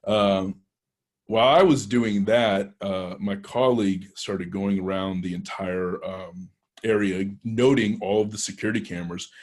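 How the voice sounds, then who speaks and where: A man with a Texan accent, a penetration tester telling a story to a club, rambling and hesitant with many restarts. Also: deep voice. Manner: rambling anecdotal delivery, frequent hesitations and restarts. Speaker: penetration tester guest speaker.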